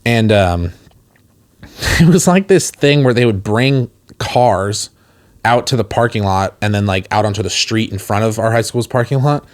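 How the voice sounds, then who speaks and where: A man with a slightly low voice tells a long, meandering story on a casual podcast. He laughs often between his words and keeps going as a loose, chatty co-host. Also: animated, moderate pace. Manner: rambling storyteller, laughs often mid-sentence. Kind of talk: casual chat.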